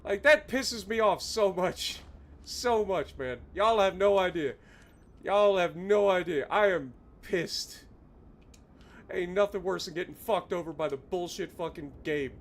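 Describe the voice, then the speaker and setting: A man's voice: sits high, measured pace. A man streaming a flight game live, ranting angrily and profanely at the game. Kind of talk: live gameplay commentary.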